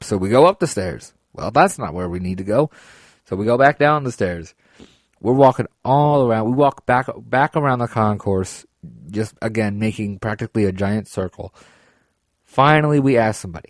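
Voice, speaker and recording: A man's voice: lowish voice, lively intonation, normal speed, dry recording, studio quality. Rambling profane man telling a story. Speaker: podcast host. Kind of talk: casual storytelling.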